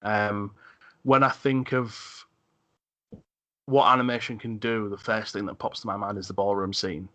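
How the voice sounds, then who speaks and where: A man hosting a podcast, chatting casually about films, halting and repeating words as he thinks. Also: lowish voice, steady tone, a bit bright, no room sound. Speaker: podcast host. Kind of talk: casual film discussion.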